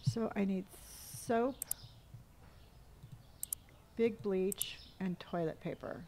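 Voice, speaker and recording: A woman's voice: mid-range voice, very slow, warm tone, a little hiss or hum. Chatty middle-aged woman game streamer. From California. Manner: chatty, reads viewer comments aloud and mutters to herself while playing. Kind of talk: casual live-stream chat while gaming.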